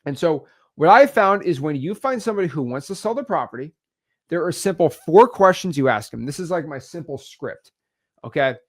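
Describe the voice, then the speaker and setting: A man coaching on real estate wholesaling, energetic and repetitive, acting out example calls. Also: on the high side, fairly quick. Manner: energetic, repeats words, acts out examples. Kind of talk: teaching talk on video.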